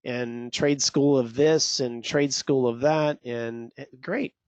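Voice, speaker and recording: A man's voice: mid-range voice, steady tone, takes it slowly, darkish tone, no echo. A man coaching traders in a live webinar, talking straight to viewers in a salesy, pumped-up way. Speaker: trading coach presenting a webinar. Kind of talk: energetic live webinar teaching.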